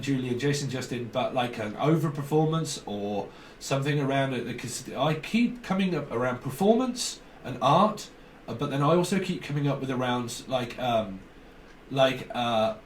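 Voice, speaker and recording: A man in an echoey room, set back from the microphone, talks through a tarot reading in a loose, rambling way. He free-associates from word to word, repeats himself and circles back, at an average male pitch. A faint hum of background noise sits under his voice. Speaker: tarot reader. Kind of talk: casual spoken tarot reading. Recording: roomy echo, distant mic, faint background noise.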